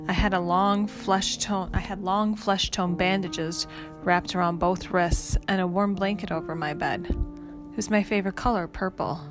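A woman with a lowish voice reads a first-person story aloud at an even, measured pace. Music plays clearly underneath the narration throughout.

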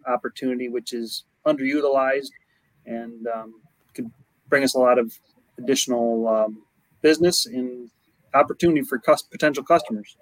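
A man's voice: mid-range voice, dry recording, poor audio. A company manager answering interview questions, a man who speaks plainly with many hesitations.

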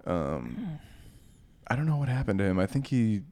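A man's voice: fairly low pitch, sing-song, moderate pace, a little mellow, no echo, studio quality. A young man in casual podcast chat, telling a long rambling story with plenty of swearing. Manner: rambling, profane, laughs through his stories. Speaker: podcast co-host.

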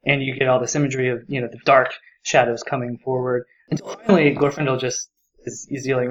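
A man's voice: mid-range voice, fast, dull audio. Enthusiastic man rambling about a book. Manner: enthusiastic, rambling with many fillers. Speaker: podcast co-host. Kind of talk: casual book discussion.

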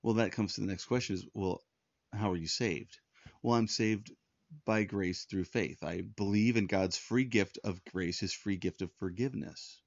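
A low-pitched man delivers an earnest, conversational sermon and often circles back to restart his sentences. The sound is dry and close, with a slightly dull, lo-fi tone. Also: moderate pace, creaky, dry recording. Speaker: pastor.

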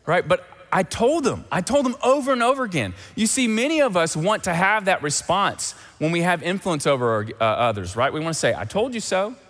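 A man preaching a sermon as pastor, animated and emphatic, repeating key phrases. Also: sits high, a little fast, few pauses, long reverb tail.

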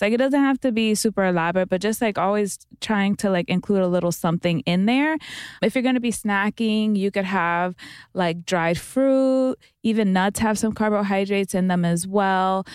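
A woman co-hosting a nutrition podcast, relaxed and full of "like" fillers. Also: medium pitch, clean tone, no echo, studio quality. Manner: relaxed, filler-heavy with many likes. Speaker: podcast co-host. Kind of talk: casual chat.

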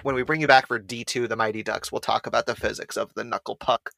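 A man's voice: mid-range voice, fairly even intonation, quick pace, vocal fry, pushed and bright, dry recording. A man in a casual podcast chat about a movie, laid-back and hesitant, with lots of fillers.

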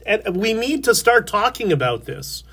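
A man's voice: high voice, very animated, normal speed, gravelly, bright, forceful tone, breathy edge. A man hosting a livestream interview, conversational, backing up his guest with short agreements. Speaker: host.

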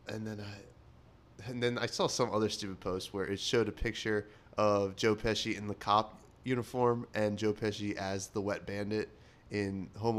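A young man co-hosting a podcast, telling stories casually with lots of fillers. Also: fairly low pitch. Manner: rambling storyteller, lots of fillers and "like". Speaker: podcast co-host.

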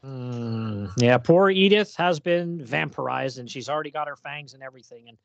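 A man's voice: medium pitch, moderate pace, gravelly, dry recording, dull audio. A man co-hosting a casual comics chat, retelling scenes and acting out the quoted dialogue. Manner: animated, acts out quoted dialogue in reading. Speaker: podcast co-host discussing comics.

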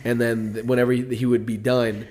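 A man's voice: mid-range voice, a little fast. A man in his thirties chatting casually, rambling and swearing often. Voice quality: relaxed, profane, rambling talk. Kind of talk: casual chat.

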